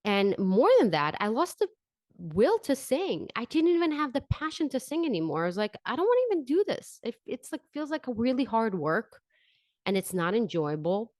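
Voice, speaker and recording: A woman podcast host and vocal coach telling a personal story, with her voice climbing in pitch at the emotional moments. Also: big pitch swings, moderate pace, a little mellow, no echo, clean studio sound. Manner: emotional, pitch rising when stressed.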